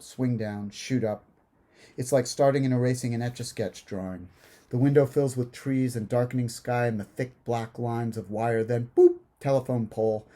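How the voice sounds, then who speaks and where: A man, the author, reading his own literary horror story aloud in a measured, hushed, unhurried way. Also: medium pitch.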